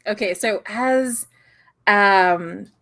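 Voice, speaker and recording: A woman's voice: mid-range voice, fairly bright tone. A woman narrating as game master of a tabletop game, repeating words as she sets the scene. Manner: brisk, repeats words while framing the scene.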